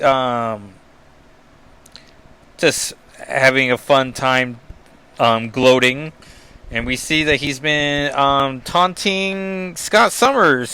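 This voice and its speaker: A man's voice: medium pitch, smooth. A man casually recapping a comic book issue, rambling with frequent ums and reading panel text aloud. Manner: rambling, with many ums and asides; reads captions and dialogue aloud in a flat summary voice.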